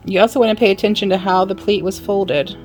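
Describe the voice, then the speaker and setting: A woman's voice: mid-range voice, fairly even intonation, quick pace, darkish tone, soft background music. A woman giving a casual sewing demonstration, chatting and apologizing in asides as she works. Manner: chatty, apologetic asides, talks while working. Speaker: sewing instructor.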